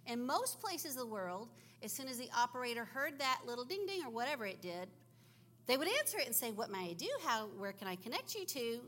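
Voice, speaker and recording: A woman who grew up in Africa, telling a lively story in a church sermon for children, acting out the voices. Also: a little high, slight background noise. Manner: animated storytelling with acted-out voices. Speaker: teacher and preacher.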